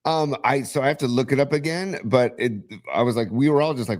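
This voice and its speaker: A man's voice: mid-range voice, fast, hardly any pauses. Rambling male sports co-host. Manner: rambling, hedging, with fillers. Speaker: podcast co-host. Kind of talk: casual sports chat on a livestream.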